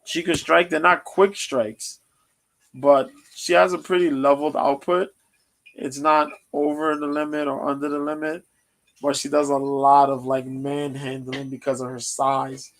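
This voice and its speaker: A man hosting a casual livestream, previewing fights in a loose, rambling way with lots of pauses and ums. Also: fairly high pitch, level tone, a bit bright, rough recording. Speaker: podcast host previewing fights.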